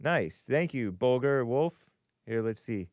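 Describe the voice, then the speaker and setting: A man's voice: medium pitch, lively intonation, a little slow, dry recording. A man hosting a live call-in stream, musing aloud with frequent chuckles and reading viewer comments.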